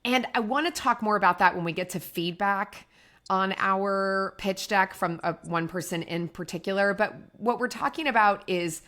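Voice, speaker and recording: A woman's voice: mid-range voice, moderate pace, a bit bright. A woman co-hosting a podcast, chatting casually about her wine brand and telling stories with acted-out quotes. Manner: chatty storyteller, acts out quotes. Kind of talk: casual business chat.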